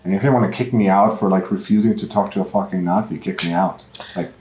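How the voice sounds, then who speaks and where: German-accented man, lowish voice, candid and animated, lots of fillers. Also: fast talker, echoey room, poor audio. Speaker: podcast guest, musician. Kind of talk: casual conversation. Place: in person at a music festival.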